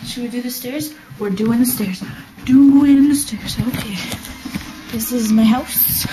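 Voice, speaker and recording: A woman's voice: on the high side, fairly even intonation, a little slow, echoey room, noisy background. A teenage girl vlogging at home, chatting to the camera in a bubbly, rambling, joking way while lying on the floor, recorded on a built-in camera mic. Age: teens. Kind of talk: casual chat to camera.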